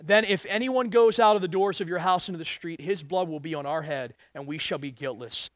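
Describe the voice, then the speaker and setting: A man's voice: on the high side, a little fast, dry recording, studio quality. A male pastor preaching a sermon, reading scripture and asking the congregation emphatic rhetorical questions.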